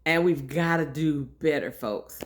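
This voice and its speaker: Animated woman host, storytelling straight to her listeners. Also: low voice, measured pace. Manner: chatty, animated, addresses listeners directly. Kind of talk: casual personal storytelling.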